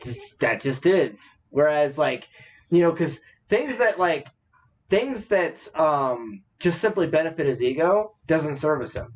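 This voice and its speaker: A man's voice: a little high, expressive, unhurried. A man co-hosting a podcast, chatting casually as an opinionated storyteller who swears freely. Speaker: podcast co-host. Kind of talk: casual chat.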